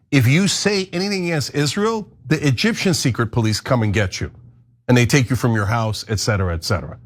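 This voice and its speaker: A man from the United States hosting a show, delivering a heated, blunt and profane political rant. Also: mid-range voice. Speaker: host.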